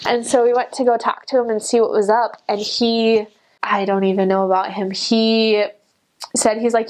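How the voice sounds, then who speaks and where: A young woman recounts a personal story in an easy, chatty manner, full of "like" fillers. Her pitch sits in an ordinary middle range. When she acts out what people said, her voice jumps up with energy. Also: fairly quick. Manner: chatty, animated, many "like" fillers, acts out quotes in a raised voice. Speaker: returned missionary.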